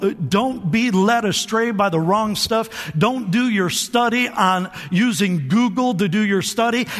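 A male pastor with a high, slightly bright voice preaches with plenty of energy in a church sanctuary. He calls on the congregation to answer back and often repeats words as he restarts. The recording carries a long hall reverb.

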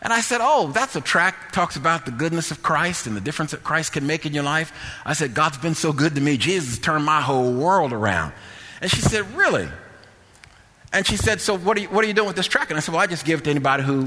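Bright-voiced preacher man in a hall. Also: a little high. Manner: storytelling, with quoted dialogue and repeated phrases. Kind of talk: sermon.

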